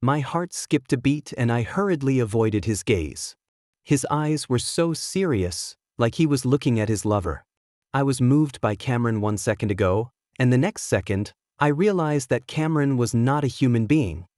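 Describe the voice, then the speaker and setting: Guy reading a romance story out loud, steady even narration, dry close mic. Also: medium pitch, normal speed, dry recording. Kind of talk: scripted first-person story narration.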